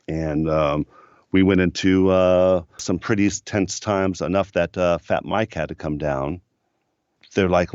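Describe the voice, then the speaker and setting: Slow and fairly even, this middle-aged American's deep, low voice is smooth with a darkish tone. As a podcast guest and record producer, he spins rambling studio anecdotes crammed with fillers. It's a dry, slightly dull recording with no echo.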